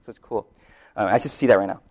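A male pastor delivers a sermon in a casual, conversational style, frequently checking in with "right?" and laughing as he shifts between soft and emphatic delivery. He talks fast with a fairly low pitch.

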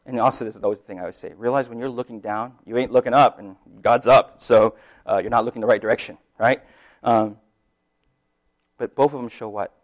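A man preaching in a relaxed, conversational way, like a pastor talking with his congregation. His voice sits at an ordinary middle pitch. He drops to near-quiet asides, then rises to emphatic points, checking in with his listeners as he goes. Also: a little fast. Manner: conversational, lots of "right?" asides and laughs; loudness swings widely between soft and emphatic. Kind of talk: sermon.

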